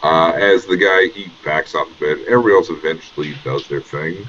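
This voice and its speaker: A man's voice: low-pitched, fairly quick, fairly bright tone, a little hiss or hum. A man running a tabletop game as game master, narrating in a casual, rambling way. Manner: casual and rambling, many fillers. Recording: dull lo-fi audio.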